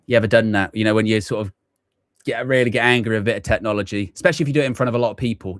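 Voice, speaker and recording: A man's voice: on the low side, very fast, dry recording. A man hosting a live football fan watchalong, chatting and thinking aloud as he sets up his stream. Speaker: fan channel host.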